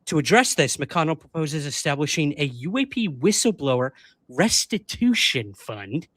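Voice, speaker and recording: A man's voice: on the high side, big pitch swings, moderate pace, fairly bright tone, dry recording. Man, live-stream co-host, casual chat, self-deprecating, reads news aloud, dry close sound. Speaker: podcast co-host.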